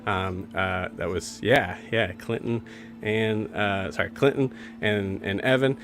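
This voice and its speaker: A man with a fairly low voice speaks at a slow pace. As game master and show host of a game stream, he casually announces campaigns, rambling with many filler words and restarts.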